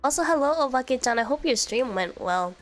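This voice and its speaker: A woman's voice: high-pitched, lively intonation, fairly quick, soft background music. A young woman with a cold streaming casual chat, stuffy and nasal, bubbly and rambling. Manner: bubbly, rambling, switches between English and Japanese. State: congested from a cold.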